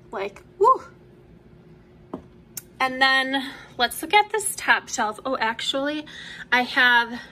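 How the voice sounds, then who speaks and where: Young woman, slow unhurried talk, casual enthusiastic vlog, faint background noise. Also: a little high. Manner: enthusiastic, gushing, drops to soft asides. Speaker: vlogger. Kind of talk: casual show-and-tell. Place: home room.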